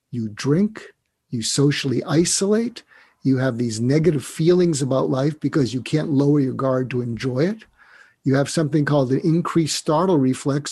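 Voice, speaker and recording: Man, psychiatrist guest, husky, earnest, step-by-step explainer, interview talk. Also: on the high side, darkish tone. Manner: earnest, reflective, walks through steps one by one; emotional when recalling a mentor.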